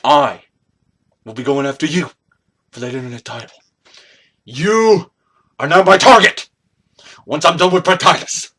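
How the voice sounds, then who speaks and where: A man's voice: a little high, unhurried, pauses often, fairly bright tone, slightly rough. A young man cutting a boastful, taunting wrestling promo, trash-talking his rivals.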